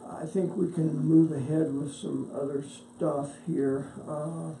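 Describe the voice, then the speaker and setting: A man chairing a county board meeting, halting and searching for words at times. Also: fairly high pitch, flat delivery, creaky, warm tone. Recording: echoey room from far off, faint hiss.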